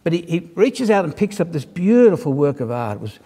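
A male preacher with a fairly high voice tells a story from the pulpit, easy and conversational, slipping in dry humorous asides. His words ring out with the long reverb of a large church hall. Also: big pitch swings, fairly quick, warm tone, husky. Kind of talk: sermon.

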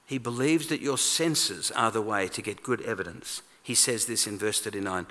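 A man preaching a sermon in a conversational, animated way, acting out quoted lines. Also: lowish voice, moderate pace, hardly any pauses. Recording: long reverb of a large hall.

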